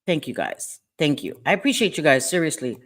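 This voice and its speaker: A woman's voice: low-pitched, sing-song, a little fast. A middle-aged woman hosting a livestream, tearful and apologetic as she tells a personal story, repeating phrases as she goes. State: crying. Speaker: livestream host.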